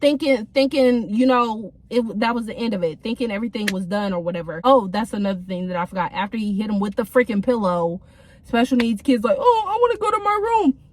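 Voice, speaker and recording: A woman's voice: mid-range voice, brisk, slight background noise. A young woman telling a casual storytime from her car, in a chatty, slangy way with many fillers. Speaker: vlogger.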